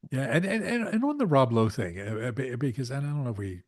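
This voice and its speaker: A man's voice: mid-range voice, very animated, fast talker, no echo, studio quality. A man co-hosting a podcast, chatting casually in a rambling way with many fillers and restarts. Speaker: podcast co-host.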